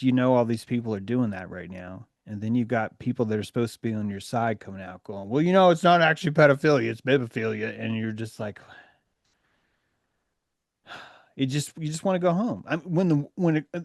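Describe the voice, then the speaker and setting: A man's voice: mid-range voice, a little mellow, no echo, studio quality. A man in a casual group discussion, ranting in an exasperated and profane way.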